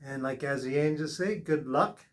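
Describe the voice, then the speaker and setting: A man's voice: on the high side, normal speed. A man giving a spiritual tarot reading in an earnest way, repeating short reassuring phrases. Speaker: tarot reader.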